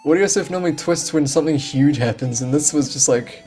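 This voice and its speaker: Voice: mid-range voice, brisk, warm tone, soft background music. A game streamer chatting casually on a home stream, rambling with restarts and frequent laughs. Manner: rambling, laughing, self-deprecating. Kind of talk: casual live-stream chat. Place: home room.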